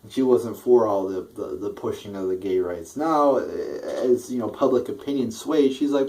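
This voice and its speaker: A man's voice: mid-range voice, normal speed, few pauses, warm tone, poor audio. A man delivering a blunt, profane political rant, rambling with many restarts. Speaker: political vlogger.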